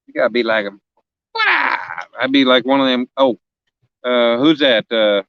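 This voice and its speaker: A man's voice: mid-range voice, steady tone, moderate pace, dry recording, highs cut off. A man in his forties, a fishing vlogger chatting casually on a live stream outdoors, joking and teasing his viewers as he rambles. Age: 40s. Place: outdoors on a riverbank.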